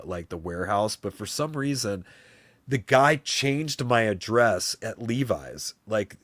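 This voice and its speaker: A man hosting a live stream, telling a long story to his chat in a rambling, animated way, swearing freely and acting out other people's voices. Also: on the low side, dry recording. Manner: rambling, animated, swears a lot, often says "you know what I mean".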